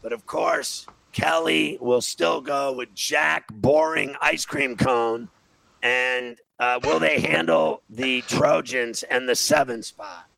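A man's voice: medium pitch, steady tone, slow, vocal fry, sharp tone, poor audio. A middle-aged man hosting a casual sports betting chat, telling rambling self-mocking stories with plenty of cussing. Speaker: sports podcast host.

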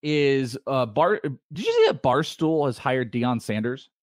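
Laughing sports talk host, lively voice. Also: male voice, medium pitch, no room sound, clean studio sound. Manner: laughs a lot, halting with fillers. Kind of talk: casual sports talk banter.

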